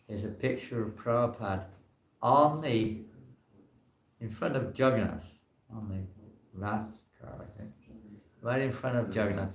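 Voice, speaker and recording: A man, a monk, giving an informal scripture class in a temple hall, talking in a loose, rambling way full of "you know" fillers. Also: fairly low pitch.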